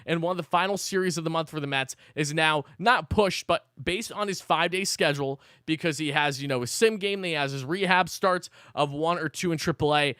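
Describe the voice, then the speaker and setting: A man's voice: fairly high pitch, a bit bright, clean tone, no room sound, studio quality. A man hosting a live postgame show, recapping the game in a fired-up way, swearing and ranting between updates. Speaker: sports channel host.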